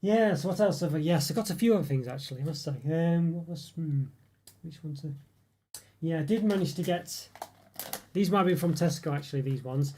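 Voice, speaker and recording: Answering viewer comments on his casual snack livestream, a man rambles with frequent fillers and chuckles. His voice is a little high and a little mellow, and he talks fairly quickly.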